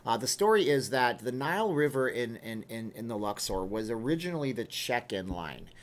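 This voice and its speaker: A man in his thirties hosts a relaxed livestream, talking freely and answering viewer questions as they come. His voice sits at an ordinary, middling pitch. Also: moderate pace. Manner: talkative, reads viewer comments aloud and answers them. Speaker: livestream host. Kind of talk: casual livestream chat.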